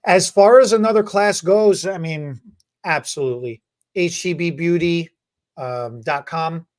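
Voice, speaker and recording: A man co-hosting a beauty podcast, telling stories in a lively, casual way and often repeating words. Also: fairly high pitch, a little slow. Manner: animated, repeats words, acts out quotes. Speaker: podcast co-host, hair educator. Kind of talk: casual storytelling chat.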